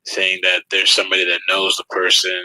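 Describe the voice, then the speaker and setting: Hesitant low-voiced man co-host. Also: monotone, brisk, pushed and bright, dry recording, rough recording. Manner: hesitant, hedging, trails off. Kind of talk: casual live-stream chat.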